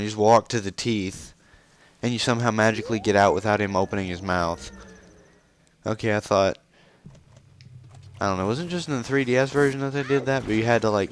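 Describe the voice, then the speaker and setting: A man's voice: lowish voice, normal speed, long pauses. A man hosting a let's play, giving casual, sarcastic and joking commentary on a video game. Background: video game music.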